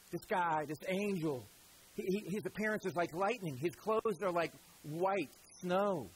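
A man's voice: high-pitched, expressive, moderate pace, fairly bright tone, a little hiss or hum, low-quality recording. A male preacher giving a sermon in a conversational, storytelling way, often calling his listeners "guys".

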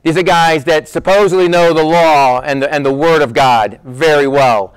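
Preacher guy giving a sermon, talks right to the crowd like "guys", a bit high voice, repeats himself when he gets going. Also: normal speed, clean tone, no room sound. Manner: emphatic, animated, repeats words when worked up; conversational, addresses listeners as "guys". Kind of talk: sermon, Bible teaching.

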